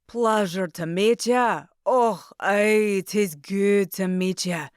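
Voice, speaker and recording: A woman voicing a warm, emotional Scottish man who talks in formal, old-fashioned Scots phrases, with a thick Scottish accent. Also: mid-range voice, takes it slowly, clean tone, no echo, studio quality, lightly acted.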